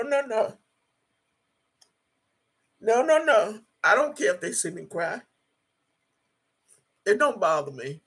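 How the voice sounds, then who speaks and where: A woman's voice: medium pitch, gravelly, husky. A woman in her sixties hosting a casual livestream from her home, reading viewer comments aloud in a blunt, profane and emphatic way and repeating herself. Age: 60s.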